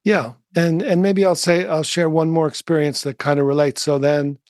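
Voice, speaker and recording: Soft-spoken musing man, dry close sound. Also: on the high side, flat delivery, moderate pace, no room sound. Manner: soft-spoken, musing, many fillers and restarts. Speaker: interview guest, meditation teacher. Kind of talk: reflective storytelling.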